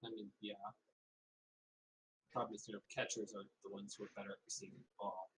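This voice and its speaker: A man's voice: on the low side, big pitch swings, brisk, crowd noise, rough recording. A man playing a tabletop game over a voice call, joking and thinking aloud about tactics.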